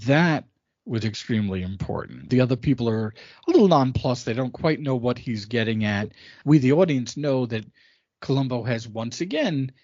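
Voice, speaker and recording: A man's voice: mid-range voice, lively intonation, moderate pace, a little mellow, no room sound, dull audio. A man co-hosting a podcast in casual chat, talking emphatically and often stressing that he is sure. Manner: emphatic, fond of saying absolutely. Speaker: podcast co-host.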